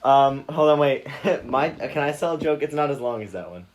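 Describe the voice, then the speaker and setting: A young man co-hosting a casual podcast in a relaxed, joking way. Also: mid-range voice, moderate pace, noisy background. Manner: relaxed, joking, laughs easily. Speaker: podcast co-host. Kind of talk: casual chat.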